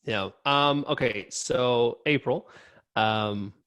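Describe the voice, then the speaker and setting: A male podcast co-host speaks at a mid pitch on a dry, close studio mic. He talks casually but emphatically, with frequent fillers and repeated starts. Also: slow, fairly bright tone, clear, resonant tone, no room sound, lo-fi sound.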